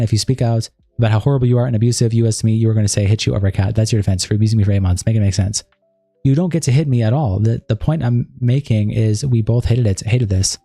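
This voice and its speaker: Fast-reading man with a dark voice. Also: lowish voice, no echo. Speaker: livestream host. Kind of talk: reading text messages and statements aloud on a livestream.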